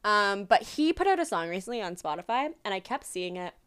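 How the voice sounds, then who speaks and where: A woman's voice: medium pitch, big pitch swings, fairly quick, fairly bright tone, clean tone. A young woman co-hosting a podcast, chatting wryly, laughing often and swearing casually. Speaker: podcast co-host. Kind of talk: casual chat.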